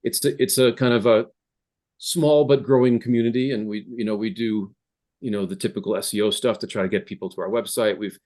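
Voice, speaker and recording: On a video call from his home office, a male app founder talks as a guest in a relaxed interview. His voice is lowish and darkish, fairly even in intonation, and a little fast. He hesitates a lot, restarting often and leaning on fillers.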